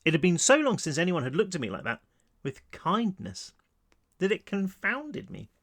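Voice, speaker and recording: A man reading his own novel aloud in the first person, expressive and conversational, at home. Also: moderate pace. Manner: expressive reading with wide pitch swings, asides to listeners. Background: child screaming downstairs.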